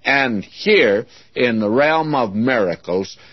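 An earnest, folksy man teaches an expository sermon. His mid-pitched voice is dry and close, with no room sound. The old lo-fi recording sounds dull and muffled. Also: lively intonation, slow, husky, dry recording. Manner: earnest, folksy, often calls listeners "friends". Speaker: preacher, Bible teacher.

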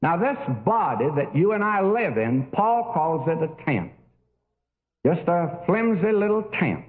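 A man's voice: high-pitched, very animated, a little slow. An older man preaching a sermon in a folksy, storytelling way with many fillers. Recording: tinny phone-like old recording.

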